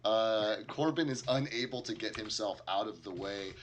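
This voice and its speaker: A man's voice: on the low side, moderate pace, a little hiss or hum. A man narrating a tabletop game as game master, talking casually with many fillers and chuckles.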